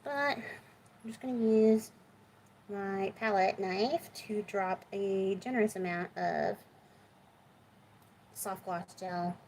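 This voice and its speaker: A woman's voice: mid-range voice, steady tone, slow, pauses often, a little mellow, a little hiss or hum, low-quality recording. A woman hosting a crafting video, chatting casually and with self-deprecating humor as she works in her home craft room. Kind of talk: casual crafting chat while working.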